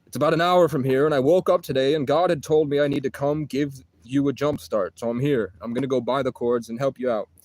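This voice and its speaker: A man's voice: mid-range voice, fairly even intonation, brisk, hardly any pauses, darkish tone, no echo, lightly acted. A man voicing a giant, helpful Scottish man with a Scottish accent, in an earnest, matter-of-fact way.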